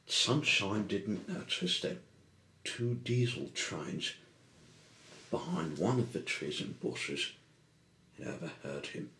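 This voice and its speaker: A man reading a children's story aloud in an unhurried amateur style, often stumbling and rephrasing. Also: low-pitched, big pitch swings, bright, forceful tone, slight background noise. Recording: echoey room.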